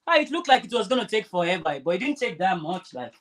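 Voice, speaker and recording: Woman, craft vlogger, casual chat, rambling, repeats herself, mid pitch. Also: very animated, fast. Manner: chatty, rambling, restarts sentences. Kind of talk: casual chat while sewing.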